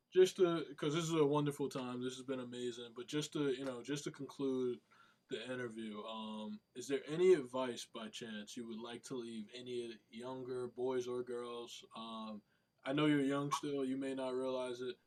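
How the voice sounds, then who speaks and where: A man's voice: mid-range voice, steady tone, moderate pace, darkish tone. Encouraging male interviewer. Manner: encouraging, short affirmations. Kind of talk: interview host.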